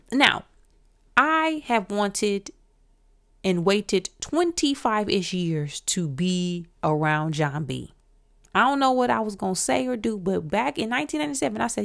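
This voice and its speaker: A woman in her forties from Michigan hosting a podcast, telling stories in an animated, excitable way. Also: fairly low pitch, normal speed, vocal fry. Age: 40s. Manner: animated, excitable, with bursts of emphasis. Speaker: podcast host. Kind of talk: casual storytelling.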